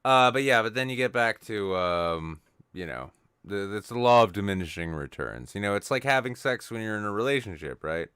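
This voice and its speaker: A man with a low, resonant voice trades crude jokes on a live podcast. He rambles into self-mocking, deadpan asides. The sound is dry and close. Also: normal speed, smooth, no room sound. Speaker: podcast co-host. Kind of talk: crude comedic banter. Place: studio, live stream.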